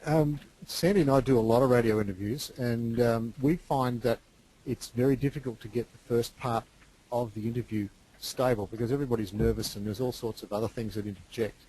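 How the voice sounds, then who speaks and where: A man taking part in a webinar discussion, explaining in a measured way. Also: medium pitch, fairly even intonation, mellow, husky, rough recording. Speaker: webinar participant.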